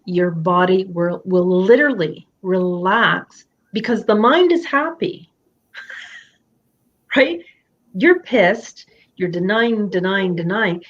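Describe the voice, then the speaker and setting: A fairly high-pitched woman, recorded with the highs cut off, leads a candid live coaching session from her home office. She speaks expressively, acting out quoted thoughts in assorted voices.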